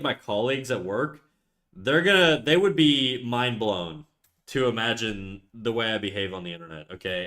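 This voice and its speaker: Man, young adult, live streamer, casual chat, lively swinging pitch, frequent restarts. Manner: upbeat, talkative, with restarts and stutters.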